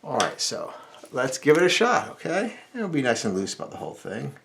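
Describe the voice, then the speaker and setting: A middle-aged man teaching drawing step by step, talking in a relaxed, explanatory way as he sketches. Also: medium pitch, fairly quick, gravelly. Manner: relaxed explanatory, thinking aloud while sketching. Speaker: drawing instructor.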